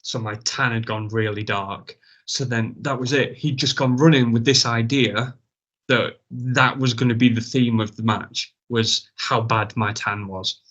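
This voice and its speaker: A man's voice: medium pitch, fairly even intonation, measured pace, a bit bright, dull audio. A man, a wrestler as a guest, casually telling a rambling, self-mocking story and swearing freely.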